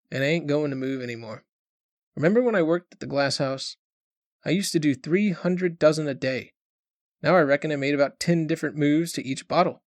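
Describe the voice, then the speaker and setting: A man voicing a sickly teenage boy who talks in a calm, flat, passionless way. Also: a little high, dry recording, studio quality, close to an everyday voice.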